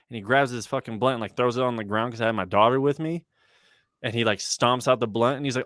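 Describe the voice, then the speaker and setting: Young rapper guest, laid-back slangy storyteller, dry close sound, mid voice. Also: male voice, medium pitch, quick pace, a bit bright, dry recording. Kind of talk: casual chat on a livestream podcast.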